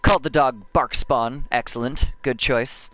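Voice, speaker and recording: A man's voice: mid-range voice, steady tone, unhurried, fairly bright tone, faint music behind. A man streaming a video game, chatting casually as he plays, rambling with many restarts and self-corrections. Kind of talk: casual gameplay commentary.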